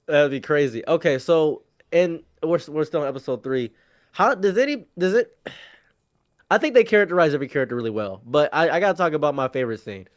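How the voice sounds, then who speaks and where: A man chatting casually as a co-host, excitable and laughing, acting out characters' lines as he retells a scene. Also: fairly high pitch, brisk, no echo, clean studio sound. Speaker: podcast co-host.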